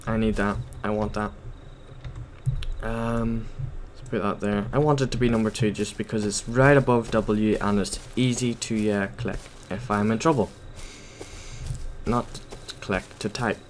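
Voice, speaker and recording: A man's voice: lowish voice, fairly even intonation, unhurried, slight background noise. A man giving casual gameplay commentary while playing at his computer, rambling and hesitant, full of ums and self-corrections. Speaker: gaming YouTuber.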